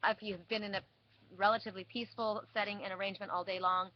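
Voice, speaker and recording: A woman's voice: mid-range voice, level tone, quick pace. A woman giving a weekly spiritual card reading, telling a story with many restarts and repeats. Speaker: oracle card reader. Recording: dull lo-fi sound with faint hiss.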